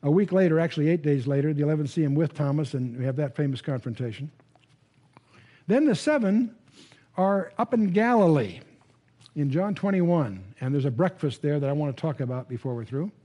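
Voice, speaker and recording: Speaking to a live audience, a Bible teacher delivers a lecture in a voice that is high for a man but warm and mellow. His style is conversational, animated and fairly quick, with phrases restarted on repeated words and questions thrown out to the crowd.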